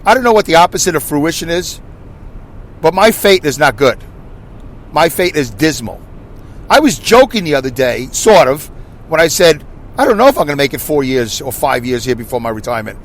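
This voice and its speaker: A man in his fifties with a New York accent, hosting a podcast in a loud, rambling, self-deprecating monologue. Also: on the high side, sing-song, fairly quick. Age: 50s. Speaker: podcast host. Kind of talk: casual monologue.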